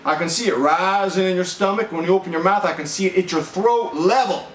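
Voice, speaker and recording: A man's voice: high voice, fairly quick, fairly bright tone, a little hiss or hum, pitched above the performer's own voice. A man putting on the voice of his stern military father scolding his son. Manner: barking orders, stern. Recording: roomy echo.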